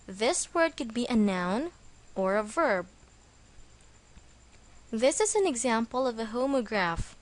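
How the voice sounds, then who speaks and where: A woman delivers a scripted English vocabulary lesson in a measured, unhurried way. Her voice sits a little high, and she leans on each stressed syllable as she explains. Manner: slow, careful, stressing syllables. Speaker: English teacher.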